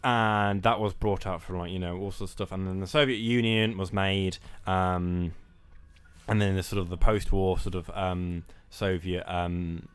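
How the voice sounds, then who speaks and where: A man's voice: low-pitched, steady tone, measured pace, smooth. A young man co-hosting a casual film podcast, talking hesitantly with many fillers. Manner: hesitant, many ums and sort ofs. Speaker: podcast co-host.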